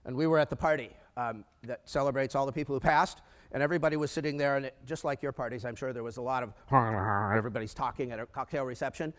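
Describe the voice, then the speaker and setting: A man's voice: medium pitch, fast talker. A man telling stories in a conference talk, acting out the lines of people in his stories. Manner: animated storyteller who acts out quoted dialogue. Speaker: conference speaker. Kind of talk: storytelling keynote talk. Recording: long hall reverb.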